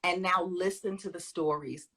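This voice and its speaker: An emphatic woman guest teaching in a conversational way, her voice bright, forceful and somewhat husky. She talks animatedly and stresses her points hard, often laughing between them. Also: on the low side, fairly even intonation, normal speed, rough recording. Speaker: guest speaker.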